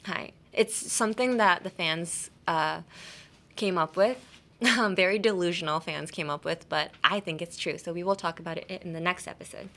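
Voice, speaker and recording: A woman's voice: on the low side, normal speed, a bit bright. A woman hosting a casual podcast that teaches English. She talks in a chatty, playful way, laughs often and uses many fillers. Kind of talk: casual language-lesson podcast.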